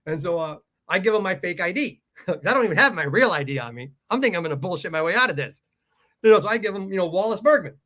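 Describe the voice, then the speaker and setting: A man's voice: high-pitched, expressive, fast, pushed and bright. A man from Southern California telling a story casually as a podcast guest, swearing freely, laughing at his own anecdotes and acting out other people's lines. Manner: profane, acts out quotes in character voices.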